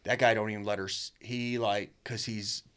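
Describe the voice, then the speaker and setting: Podcast guest, male, lower-pitched; blunt, profane, rambling storyteller. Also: little pitch movement, moderate pace, a bit bright, clean tone. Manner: blunt and profane, peppered with "dude". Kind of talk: casual storytelling.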